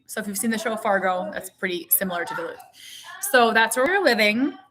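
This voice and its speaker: A woman's voice: mid-range voice, animated, a little fast, a bit bright. Playful mother in her forties. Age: 40s. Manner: playful, teasing, sing-song with her child. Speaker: mother vlogging. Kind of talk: casual home vlog.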